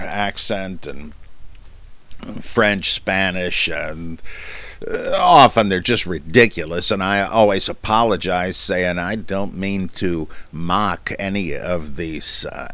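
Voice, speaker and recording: A man hosting a podcast, chatting casually and haltingly with many fillers as he answers listener questions, with self-deprecating humor. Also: fairly low pitch, fairly bright tone, dry recording. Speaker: podcast host.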